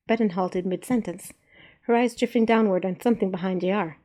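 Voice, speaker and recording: Mellow-voiced woman reading a story. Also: mid-range voice, fast talker. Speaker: narrator. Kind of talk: storybook narration.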